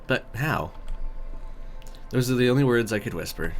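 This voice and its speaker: A man's voice: mid-range voice, lively intonation, normal speed, faint music behind. A man reading a visual novel aloud as narrator, with joking asides to himself. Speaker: let's play narrator.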